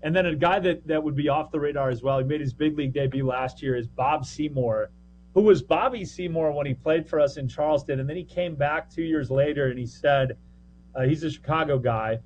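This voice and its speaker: A man's voice: on the high side, a little mellow, highs cut off, slight background noise. Chatty joking man broadcaster. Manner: chatty, joking, quick asides. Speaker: minor league broadcaster. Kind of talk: casual podcast chat.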